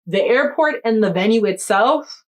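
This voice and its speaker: A woman's voice: fairly high pitch, moderate pace. Chatty young woman telling a story. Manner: animated, addresses the viewer directly with "you hear me?" and "okay, okay". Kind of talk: casual storytime chat.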